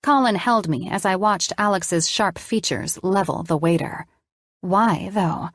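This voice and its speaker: A woman's voice: medium pitch, measured pace, no room sound, clean studio sound. A woman narrating an audiobook in the first person, reading expressively.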